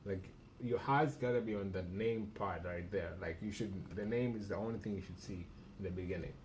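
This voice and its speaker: Blunt, low-voiced male sales coach. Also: brisk, a little mellow, a little hiss or hum. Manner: emphatic, repetitive, blunt. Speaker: cold-calling sales coach. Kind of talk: live-streamed call review.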